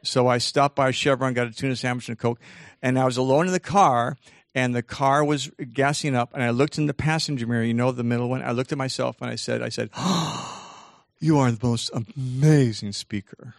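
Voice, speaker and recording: A man giving an animated motivational seminar, acting out voices from his own inner dialogue. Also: medium pitch, fast talker, creaky, dry recording, clean studio sound. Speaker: motivational speaker. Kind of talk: seminar talk.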